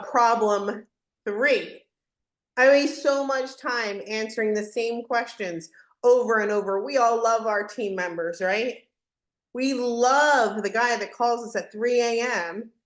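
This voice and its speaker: A woman hosting a live software demo webinar in a casual, joking way, laughing often and acting out what team members say. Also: a little high, roomy sound.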